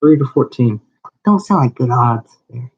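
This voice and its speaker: In a dull lo-fi recording, the man behind a small wrestling channel rants in a call-out video, confronting a rival in rambling fashion and restarting often. His medium-pitched voice is expressive, a little mellow and slightly rough, at a normal pace.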